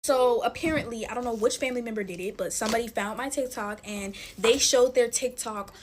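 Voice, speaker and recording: A TikTok storyteller in her twenties talks through a casual storytime while playing with slime, her fairly high voice moving a little fast over a slight hiss or hum. She fills her chat with fillers and calls her viewers "y'all."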